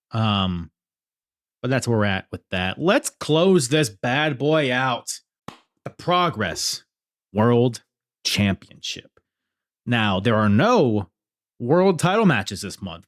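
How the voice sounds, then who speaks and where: A man's voice: medium pitch, big pitch swings, unhurried, dry recording, clean studio sound. A young man hosting a podcast, talking casually and swearing freely as he recaps events. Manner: conversational, swears freely, acts out quotes. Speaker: podcast host. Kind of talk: casual solo review podcast.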